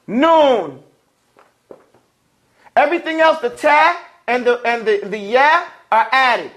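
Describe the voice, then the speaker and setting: High-voiced man teaching a class. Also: lively intonation, slow pace, fairly bright tone. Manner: call-and-response, has the class repeat words; explains patiently, asks the class questions. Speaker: Arabic and Quran recitation teacher.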